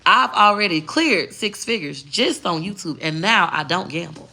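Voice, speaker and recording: A woman's voice: lowish voice, animated, normal speed, pushed and bright. A woman content creator in a casual, heavily profane vlog rant, talking straight to her viewers and moving between slang and a proper voice. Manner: emphatic and preachy.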